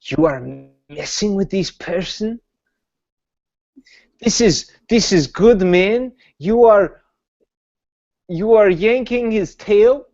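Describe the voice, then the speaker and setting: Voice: medium pitch, takes it slowly, pauses often, a little mellow, highs cut off, pitched above the performer's own voice. A player voicing a proud, condescending foreign male noble who speaks in broken English and drops his articles. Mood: incredulous.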